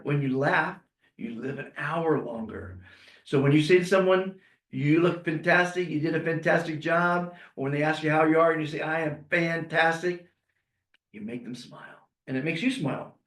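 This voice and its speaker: A man's voice: a little high, normal speed, a bit bright, reverberant. A man hosting a podcast, talking in an upbeat, rambling way and reading out inspirational quotes. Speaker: podcast host. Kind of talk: podcast monologue.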